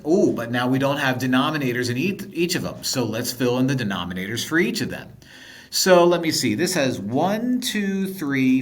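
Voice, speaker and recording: A man's voice: mid-range voice, a bit bright. A man teaching a video math lesson, playful and thinking aloud, sometimes dropping to a whisper.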